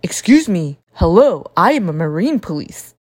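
A woman's voice: on the low side, sing-song, normal speed, darkish tone. A woman voicing a kindly male seagull marine police officer in a children's story, explaining patiently and politely. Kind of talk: storybook character voice.

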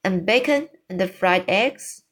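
A woman voicing an eager, polite little girl, read slowly from a storybook. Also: medium pitch, animated, fairly bright tone.

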